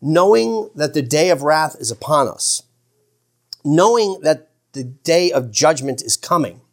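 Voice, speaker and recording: A man preaching a sermon as pastor, earnest, slowing for emphasis and stumbling over restarts. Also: medium pitch. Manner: shifts from slow emphatic phrases to quick asides.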